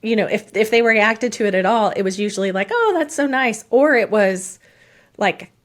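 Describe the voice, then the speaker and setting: A woman's voice: mid-range voice, steady tone, normal speed. A middle-aged woman, a podcast guest, chatting casually with frequent laughs and fillers. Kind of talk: casual interview chat.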